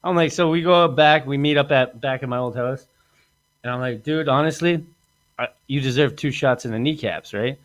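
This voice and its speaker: In a dry recording, a man with a medium-pitched voice and moderate pace hosts a comedy podcast. He tells stories boastfully and with animation, laughing often and acting out what people said.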